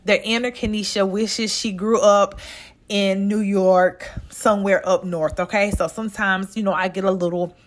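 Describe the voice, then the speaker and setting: A woman's voice: medium pitch, fairly even intonation, normal speed. A woman from the States, hosting a casual podcast monologue and talking straight to her listeners. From Southern United States. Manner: chatty and direct, talks straight to listeners as "y'all". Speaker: podcast host.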